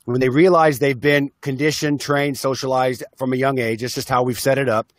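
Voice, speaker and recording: A man's voice: medium pitch, fairly even intonation, moderate pace, no echo, clean studio sound. A man guest in an interview, talking in an upbeat, enthusiastic way over a video call. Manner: enthusiastic, upbeat, acts out voices. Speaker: interview guest, self-help speaker and musician. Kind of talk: casual interview talk.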